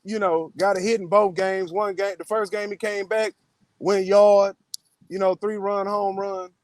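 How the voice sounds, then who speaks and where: A man's voice: high-pitched, little pitch movement, measured pace, dry recording. A man hosting a casual sports podcast, loose and slangy, full of "man" and "y'all".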